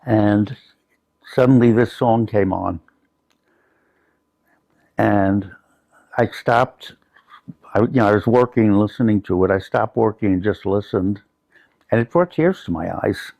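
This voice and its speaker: A man's voice: on the low side, a little slow, creaky, long pauses, darkish tone, dry recording, low-quality recording. An older man from the United States, a guest in an interview, telling personal stories in a reflective, anecdotal way.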